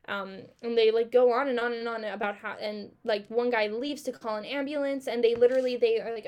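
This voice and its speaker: Animated young woman telling a story. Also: on the high side, a little fast, hardly any pauses. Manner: animated, swearing, acts out quotes. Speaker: podcast co-host. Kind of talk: casual storytelling chat.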